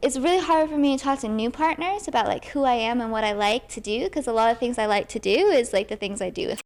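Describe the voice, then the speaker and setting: A woman's voice: on the high side, quick pace. A woman guest in a casual chat, rambling with lots of fillers.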